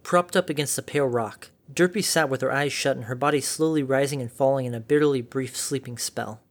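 A man narrating a dark fan story in a measured, dramatic reading. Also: medium pitch.

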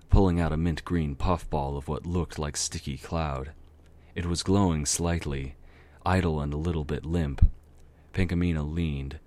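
A man reading a dark fantasy story aloud, narrating steadily and now and then correcting himself. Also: very deep voice. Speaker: amateur story reader. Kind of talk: dramatic reading of fan fiction.

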